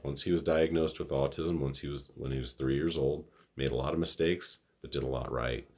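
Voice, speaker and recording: A man's voice: very deep voice, steady tone, normal speed. A middle-aged man hosting his own vlog, talking earnestly and rambling with restarts, a little sniffly. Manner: earnest, rambling, self-correcting. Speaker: vlog host. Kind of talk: casual monologue to camera.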